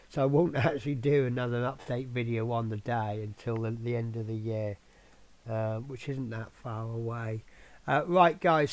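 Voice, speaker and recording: A man hosting his own scale model channel, giving a rambling, chatty update full of ums. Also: medium pitch. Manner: rambling, filler-heavy, chatty.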